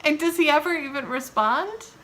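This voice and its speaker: A woman's voice: high-pitched, moderate pace. A woman hosting a vlog, chatting casually and teasing her husband, laughing often. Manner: giggly, teasing, animated. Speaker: vlog host, wife. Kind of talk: casual chat.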